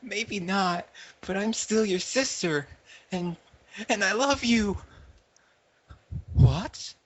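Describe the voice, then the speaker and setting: A man voicing an earnest young filly pony with a high, squeaky put-on voice. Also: very slow, heavily acted. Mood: pleading.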